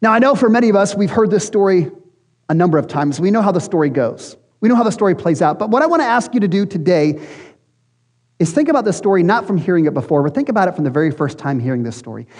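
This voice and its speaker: Earnest, high-voiced male pastor preaching. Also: very animated, fast, a little mellow. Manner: earnest, conversational. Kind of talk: sermon. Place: church hall. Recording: long hall reverb.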